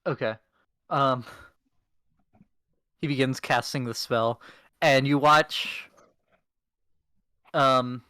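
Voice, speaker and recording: A man acting as game master, narrating a tabletop game over voice chat in a relaxed, self-deprecating way. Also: medium pitch, smooth, dry recording.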